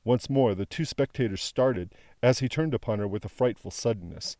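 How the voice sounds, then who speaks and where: A man narrating a classic novel as an audiobook reader, in a measured, solemn way. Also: medium pitch, warm tone, no echo, clean studio sound.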